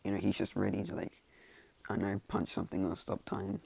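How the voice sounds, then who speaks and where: A man's voice: deep voice, monotone, fairly quick, vocal fry, darkish tone, breathy edge. A man casually telling a fan fiction story, rambling and filling every gap with "like" and "you know.".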